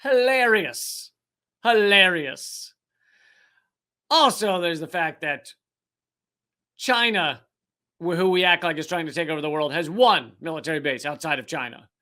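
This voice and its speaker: Man, high voice, bright, profane sarcastic political rant. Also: normal speed. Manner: profane, sarcastic, mocking mimicry. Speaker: host. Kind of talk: ranting political commentary.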